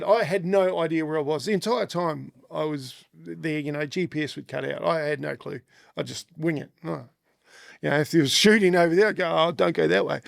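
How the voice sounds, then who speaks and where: This is a middle-aged Australian man telling his stories casually in an interview. He has a gravelly voice that sits slightly high, and he laughs often as he acts out the voices of other people. The sound is dry and close. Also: dry recording. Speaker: guest.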